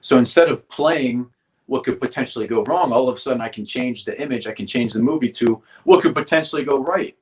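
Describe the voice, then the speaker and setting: A man in a motivational coaching style, walking his listeners through ideas step by step. He talks at a middle pitch and keeps checking in with a quick "right?" as he explains. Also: a little mellow. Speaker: athlete mindset coach. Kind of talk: motivational teaching to camera.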